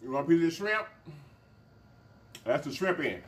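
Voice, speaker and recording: A man hosting a mukbang vlog, talking casually and excitedly to his viewers. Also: on the high side, normal speed, slight background noise. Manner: animated, excitable, calls out to viewers. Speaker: mukbang channel host.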